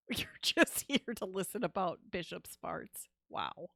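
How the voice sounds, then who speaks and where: A woman's voice: on the low side, gravelly, pushed and bright, dry recording, clean studio sound. A woman streaming a game live, chatting casually and expressively with her viewers and reacting with laughs and sighs. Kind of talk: casual live-stream chat while gaming.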